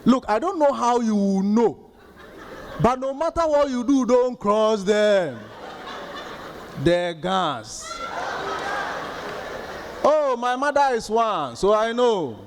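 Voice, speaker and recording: A man in his thirties with a Ghanaian accent doing stand-up comedy, telling stories in an animated way and acting out the outbursts of others. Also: very high-pitched, slow, pauses often, a little hiss or hum.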